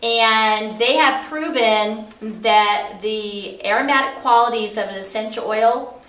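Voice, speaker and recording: Unhurried and fairly bright, her slightly high voice carries a middle-aged woman's informal lesson about essential oils, peppered with fillers. The office setting gives an echoey sound, and she's positioned far from the mic.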